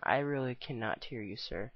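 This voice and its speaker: A man's voice: mid-range voice, normal speed, slightly rough, dull audio, close to an everyday voice. A man voicing a polite, dense shop clerk in a homemade stop-motion film, apologetic and confused. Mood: placating.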